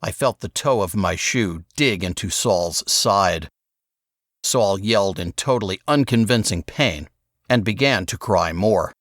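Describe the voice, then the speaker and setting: A man narrating an audiobook in the first person, with expressive storytelling. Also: lowish voice, unhurried, no room sound, studio quality.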